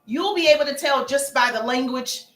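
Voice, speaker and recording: A woman's voice: sits high, normal speed, a bit bright, reverberant. A woman hosting a casual sales-coaching live stream, chatty, calling her viewers baby and acting out sample messages. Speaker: livestream host and sales coach.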